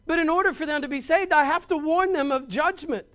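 A man's voice: very high voice, a little fast, a bit bright. A middle-aged man preaching a sermon as pastor, stressing points emphatically and often repeating words.

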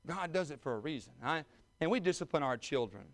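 A man, preaching a sermon with folksy humor that builds to loud, fervent exhortation. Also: a little high, lively intonation, fairly quick. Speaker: pastor.

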